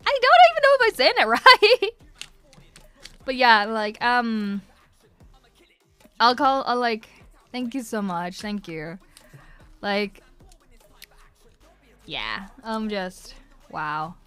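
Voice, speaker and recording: A woman's voice: a little high, sing-song, slow, long pauses, fairly bright tone, clear, resonant tone, soft background music. A young woman from Northern Ireland with an Irish-transatlantic accent, chatting giggly and effusively as a voice actress answering fan questions. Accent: Irish-transatlantic mix. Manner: giggly, effusive, rambling with many fillers. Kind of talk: casual livestream Q&A.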